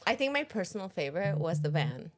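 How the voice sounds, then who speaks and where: A woman's voice: on the low side, big pitch swings, quick pace, very noisy. A woman co-hosting a podcast in casual chat, teasing and laughing often. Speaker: podcast co-host.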